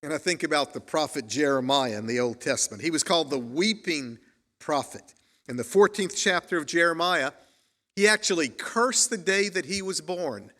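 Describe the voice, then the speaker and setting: A man's voice: on the high side, normal speed, sharp tone. A man preaching a sermon as pastor, telling stories in an earnest way and reading quotations aloud. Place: church sanctuary. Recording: long church reverb.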